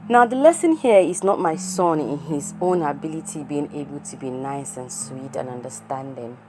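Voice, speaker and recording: A woman with a low, deep-set voice tells a personal story in an easy, conversational way. She is a therapist speaking to listeners and acts out the dialogue as she goes. Soft music plays faintly under her voice. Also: rough recording. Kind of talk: casual storytelling talk.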